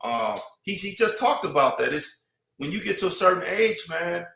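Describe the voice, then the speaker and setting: A man talks in a loose, rambling way, stopping and restarting often and filling gaps with "you know what I mean". His voice is bright and sits a little high. The room around him is echoey. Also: very animated, moderate pace, creaky. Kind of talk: casual chat.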